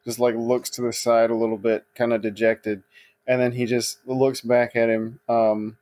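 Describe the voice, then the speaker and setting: A man's voice: mid-range voice, little pitch movement, moderate pace, a little mellow. A man playing a tabletop game on a stream, describing his character with many ums. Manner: hesitant, with ums and likes. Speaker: player.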